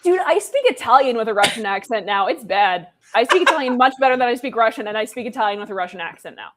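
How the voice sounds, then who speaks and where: A woman's voice: on the high side, expressive, quick pace, slight background noise. Playful woman rambling in casual chat. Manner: playful, rambling, laughs often. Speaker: livestream co-host.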